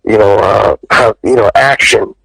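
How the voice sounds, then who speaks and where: A male actor telling stories as an interview guest, lively and profane, jumping up in pitch when he quotes people. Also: a little slow, creaky, breathy edge, no room sound, low-quality recording. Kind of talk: animated storytelling in an interview.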